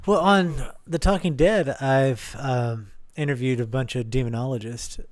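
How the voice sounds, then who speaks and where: A man's voice: mid-range voice, unhurried, no room sound. A man chatting on a podcast, recorded close and dry with no room sound. He drops short joking lines into the conversation. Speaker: podcast co-host. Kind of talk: casual chat.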